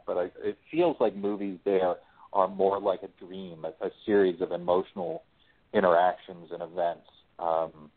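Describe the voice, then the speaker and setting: Heard over a thin, telephone-like line missing its lows and highs, a man with a low voice talks casually in an interview. He's relaxed, unhurried and chatty, frequently restarting sentences, with the air of a working writer and voice actor.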